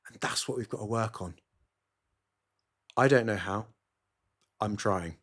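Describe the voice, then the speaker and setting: A man's voice: fairly low pitch, measured pace, long pauses, breathy edge. Rambling sarcastic man podcasting. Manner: sarcastic, rambling, self-interrupting. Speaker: podcast host. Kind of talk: solo podcast monologue. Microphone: phone camera.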